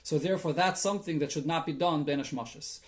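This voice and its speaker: A man's voice: fairly high pitch, fast talker. A man teaching a daily Talmud lesson as a rabbi, reading the Aramaic text and explaining it in English sprinkled with Yiddish and Hebrew terms, thinking aloud as he goes. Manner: thinks aloud, with restarts and fillers.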